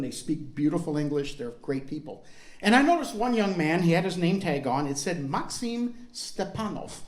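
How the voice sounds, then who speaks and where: A man's voice: a little high, reverberant. A man telling a family-history story to an audience in a conversational way, often asking the listeners questions. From United States.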